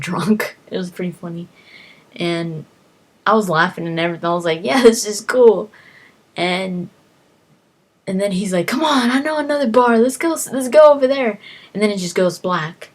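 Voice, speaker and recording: A woman casually recounting a video game adventure, rambling with lots of fillers and restarts. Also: on the low side. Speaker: gaming vlogger.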